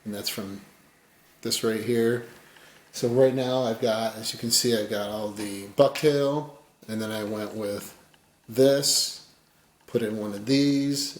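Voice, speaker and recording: A man giving a casual fly tying tutorial, rambling and folksy, his voice often dropping quiet as he works. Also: fairly low pitch, echoey room.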